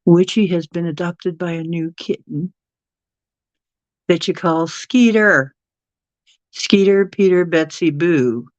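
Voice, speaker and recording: Slow, chatty livestream host, dull mic. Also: mid-range voice, no echo. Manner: rambling, chatty, reads chat aloud; coos softly at pets. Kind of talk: casual livestream chat.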